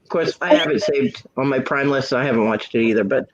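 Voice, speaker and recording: A woman hosting a casual live stream hangout, chatting in an animated way and laughing often. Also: a bass voice, fast, dull audio, slight background noise. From United States. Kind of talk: casual chat.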